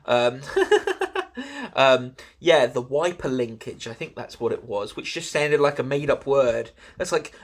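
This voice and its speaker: A man with an English accent rambles through a story on his own podcast. His voice sits at an ordinary middle pitch and he keeps stopping for "like" and "um". He is animated and quick to sound exasperated. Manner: rambling, full of "like" and "um". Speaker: podcast host. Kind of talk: casual solo storytelling.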